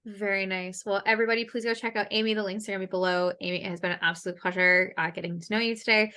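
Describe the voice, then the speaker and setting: A woman's voice: medium pitch, steady tone, rapid-fire, sharp tone. A young woman from Canada hosting a podcast interview, chatty and casual, swearing freely and laughing often. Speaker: podcast host.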